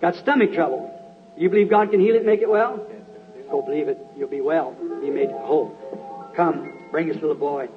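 Man preacher, fairly high voice, earnest healing-service sermon, muffled lo-fi tape with faint music behind. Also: normal speed. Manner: earnest, calls out to people in the crowd.

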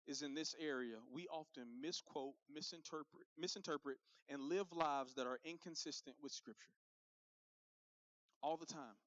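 A man's voice: a little high, a bit bright, no room sound, lo-fi sound. A man giving a direct, punchy youth sermon as pastor, talking straight to his crowd.

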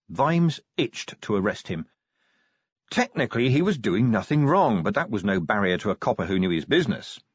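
A man narrating an audiobook in an expressive reading style. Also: fairly low pitch, breathy edge, dry recording, muffled recording. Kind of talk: scripted narration.

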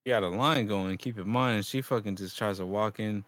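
A man's voice: fairly low pitch, fairly quick, no echo. Laid-back slangy man telling a story. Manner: animated, swears a lot, laughs often, slangy. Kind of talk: casual profane storytelling.

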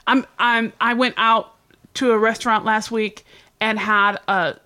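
A woman with a bright, fairly high voice, chatting casually as a co-host. She tells stories with plenty of life and acts out the dialogue of the people in them. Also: unhurried. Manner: animated storytelling, acts out dialogue. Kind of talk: casual chat.

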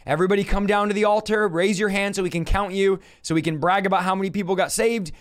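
A man voicing a smooth, soft-spoken complacent pastor in a mocking churchy tone. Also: high-pitched, steady tone, quick pace, pitched below the performer's own voice, natural voice. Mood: mock-soothing.

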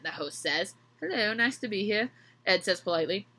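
Young woman, podcast host, comedic reading, bright tone, jokey asides. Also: medium pitch, lively intonation, a little fast. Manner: reads dramatically, breaks off to joke and laugh. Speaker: podcast host reading fan fiction aloud.

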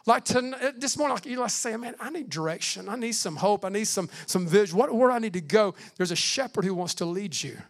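Man, pastor, sermon, high voice, loud and hushed turns, amen calls. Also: lively intonation. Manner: preaching with swings from loud emphasis to hushed, slow delivery; calls out "Amen" between points.

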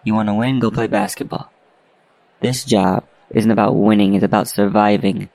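A man's voice: on the low side, fairly even intonation, normal speed, vocal fry, a little mellow, no echo, rough recording. A man reading a story aloud, voicing a weary, cynical middle-aged police chief with a blunt, lecturing manner.

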